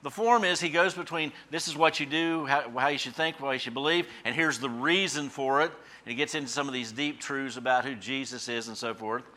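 A man's voice: mid-range voice, brisk, few pauses, bright, forceful tone. A middle-aged man preaching a casual, folksy Bible sermon, with plenty of fillers and restarts and sudden bursts of emphasis on key phrases. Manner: punches key phrases by suddenly raising his voice. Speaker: pastor and Bible teacher. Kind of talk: conversational radio sermon.

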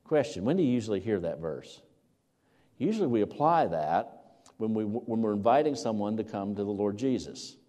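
A man's voice: fairly low pitch, animated, normal speed. Earnest preacher man in a reverberant hall. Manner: earnest, rises to loud emphatic peaks on scripture. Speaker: pastor. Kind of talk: sermon. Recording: long reverb of a large hall.

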